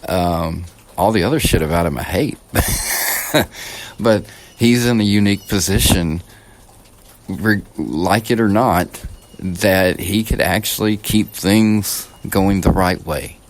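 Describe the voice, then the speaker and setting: A low-voiced man from the United States hosting his own podcast. He talks in a loose, rambling monologue that is blunt and profane, and he often restarts his sentences. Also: takes it slowly. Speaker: podcast host. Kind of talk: casual political monologue.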